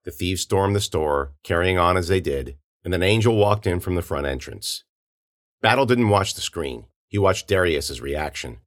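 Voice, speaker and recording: A man narrating a story in a steady storytelling manner, giving characters their own voices. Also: sits low, normal speed. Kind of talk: audiobook narration.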